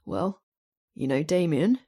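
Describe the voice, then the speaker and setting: A woman's voice: low-pitched, expressive, slow, dark tone, slightly rough, full character voice. A woman reading an audiobook voices a protective man, a bodyguard boyfriend who talks in a blunt, guarded way. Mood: easygoing.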